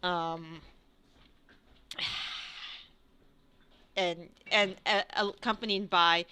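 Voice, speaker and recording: Slow, bright-voiced woman game master. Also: fairly low pitch, clean tone. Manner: hesitant, many fillers and restarts. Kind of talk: narrating a tabletop game.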